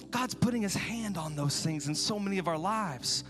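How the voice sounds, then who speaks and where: High-voiced preacher, dramatic storyteller. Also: male voice, big pitch swings, a little fast, hardly any pauses, fairly bright tone. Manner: dramatic storytelling, acting out quotes. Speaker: pastor. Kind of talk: sermon.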